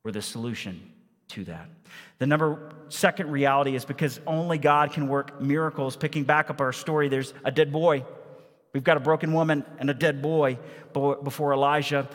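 A man preaching a sermon as pastor, firing rhetorical questions at the congregation and swinging between hushed and loud delivery. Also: a little high, normal speed, in a large hall.

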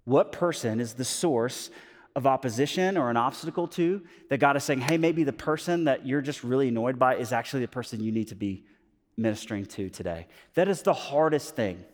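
Pastor preaching in a reverberant hall. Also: male voice, mid-range voice, a little fast. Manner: animated storytelling with many fillers, swings from loud to hushed. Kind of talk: sermon.

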